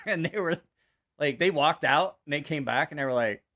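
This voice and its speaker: Bright-voiced man telling crude jokes. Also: on the high side, normal speed. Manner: laughs at his own jokes, swears freely; animated joke telling. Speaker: channel host. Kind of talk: casual livestream storytelling.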